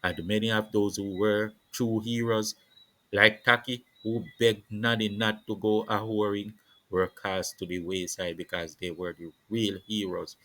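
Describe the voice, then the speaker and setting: A man holds forth on politics in a preaching, declamatory style, stacking repeated phrases. His voice sits very low yet comes across forceful and bright-edged. The recording is dry and close, with no room sound. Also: little pitch movement, unhurried, no room sound, poor audio. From Jamaica. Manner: preaching, declamatory, repetitive cadences. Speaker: political commentator. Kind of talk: impassioned political monologue.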